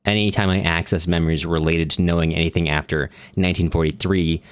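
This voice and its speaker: A man with a very low, deep voice co-hosts a casual book podcast. His sound is dry and close, with no room echo. He tells dry jokes and laughs often. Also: steady tone, fast. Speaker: podcast co-host. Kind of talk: casual book-club chat.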